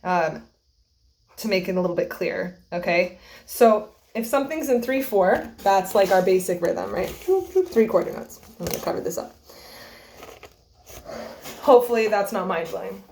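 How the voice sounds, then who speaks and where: A woman's voice: mid-range voice, animated, moderate pace, pauses often, darkish tone, a little hiss or hum. A young woman teaching a string student about rhythm and bowing, patiently explaining and often checking in with "okay?".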